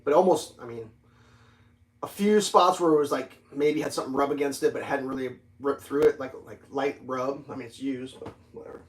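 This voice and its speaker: A man hosting a casual livestream, telling a story with lots of swearing and loudly acting out the dialogue. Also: medium pitch, fairly even intonation, a little fast. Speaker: livestream host.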